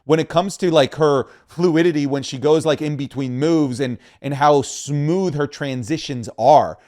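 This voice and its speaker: A man co-hosting a podcast in casual chat, animated and opinionated, often restarting his sentences. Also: on the high side, a little slow. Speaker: podcast co-host.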